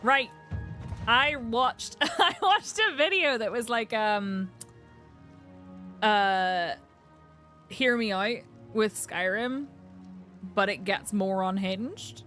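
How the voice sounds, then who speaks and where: A woman's voice: a little high, animated, very slow, long pauses, fairly bright tone, faint music behind. Giggly woman streamer chatting over gameplay. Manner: giggly, chatty, quotes lines back. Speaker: gaming streamer. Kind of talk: casual gameplay commentary.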